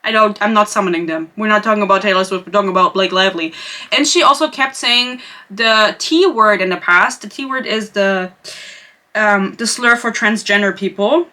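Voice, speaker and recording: Young european woman rambling gossip on her podcast, bright clear voice, lots of detours. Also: medium pitch, moderate pace. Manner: chatty, gossipy, rambling with asides. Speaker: podcast host. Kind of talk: casual chat.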